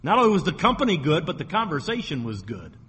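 Preaching to a congregation in church, a man speaks fast in a high, slightly bright, husky voice with huge swings in pitch. He is emphatic and repetitive, asks rhetorical questions, and his words echo with long hall reverb.

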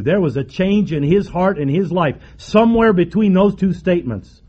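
A man preaching a sermon emphatically, with repeated phrases and dramatic pauses. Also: high-pitched, lively intonation, lo-fi sound.

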